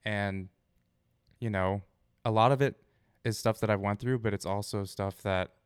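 A man, a musician guest, talking candidly and relaxed about his lyrics, swearing now and then. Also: on the low side, moderate pace, clear, resonant tone, dry recording, clean studio sound. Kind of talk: casual interview.

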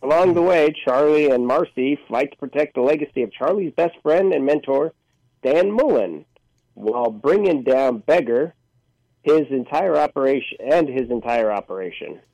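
A man's voice: medium pitch, lively intonation, moderate pace, gravelly, dark tone, no echo, highs cut off. Guy on a movie review show, reads the blurb then jokes about it, dry close sound. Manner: reads synopses aloud, joking. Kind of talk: casual panel chat.

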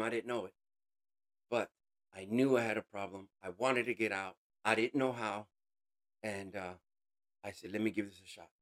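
A man giving an emotional personal testimony in an interview, earnest, calling the listener bro, voice rising high and dropping to a hush. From United States. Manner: swings between raised intensity and hushed quiet. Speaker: interview guest.

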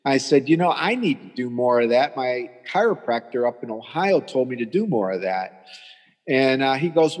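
A man in his sixties telling his story as a patient guest in a halting, rambling way, often restarting. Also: mid-range voice, animated, long reverb tail. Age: 60s. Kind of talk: conversational storytelling.

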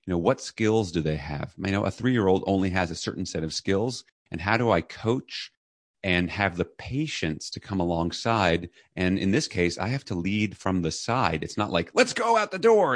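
A middle-aged man, a podcast guest, telling a personal story in an earnest, reflective way and briefly acting out the loud lines he quotes. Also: deep voice, dry recording, studio quality.

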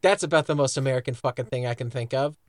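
A man's voice: mid-range voice, fast, no echo, studio quality. A man co-hosting a podcast in casual chat, giving blunt, profane opinions and laughing along with his partner. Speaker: podcast co-host.

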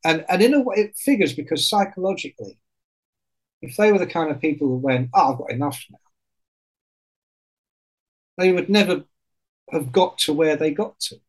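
A man in casual chat on a podcast, telling stories in an animated way and swearing often. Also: a little high, fairly quick, poor audio.

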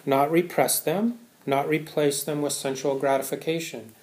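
A man's voice: on the high side, fairly even intonation, normal speed, darkish tone. Man giving a Dharma talk in a roomy hall. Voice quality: conversational, often asks "right?". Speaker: Buddhist Dharma teacher. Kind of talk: Dharma talk to a live audience. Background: audience laughter.

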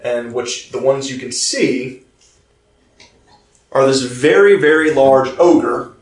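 A man narrating as game master of a tabletop game, pausing and restarting as he describes scenes. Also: mid-range voice, fairly even intonation. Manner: halting, many fillers and restarts while describing scenes. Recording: roomy, distant mic, faint music behind.

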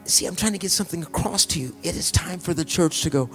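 A middle-aged male pastor preaching a conversational sermon, joking and dropping to hushed, sighing asides. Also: a little high, fast, hardly any pauses, breathy edge. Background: soft music.

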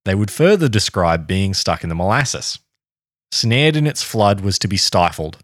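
Male podcast host reading a history story, low and animated pitch, dry close mic. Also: moderate pace, dry recording.

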